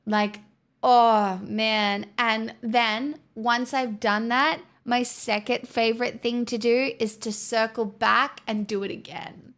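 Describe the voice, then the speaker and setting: A woman's voice: fairly high pitch, fairly even intonation, slow pace, fairly bright tone. A woman livestreamer chatting casually with her viewers, using sarcastic, mock-corporate girlboss patter.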